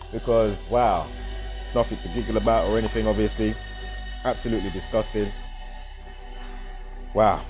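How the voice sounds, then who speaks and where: A man's voice: lowish voice, steady tone, normal speed, long pauses, over music. A man with a British accent, rambling through a casual vlog commentary and reeling off strings of numbers. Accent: British English. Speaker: vlogger.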